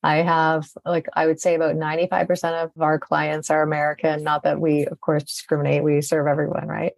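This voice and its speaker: A woman's voice: deep voice, monotone, brisk, gravelly, dry recording. A Canadian woman talking confidently and chattily as a podcast interview guest. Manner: chatty, confident, tags statements with "right?". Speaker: podcast guest, agency CEO.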